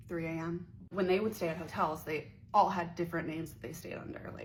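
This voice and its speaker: A woman's voice: fairly low pitch, slight background noise, poor audio. Chatty young woman telling a wild story. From Pittsburgh area, USA. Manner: chatty, profane, dramatic quoted voices. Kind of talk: casual storytime vlog.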